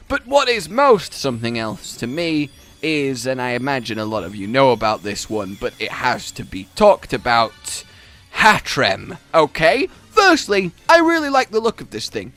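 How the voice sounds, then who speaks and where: A man hosting a gaming video with animated, exasperated commentary that jumps between shouts and low asides.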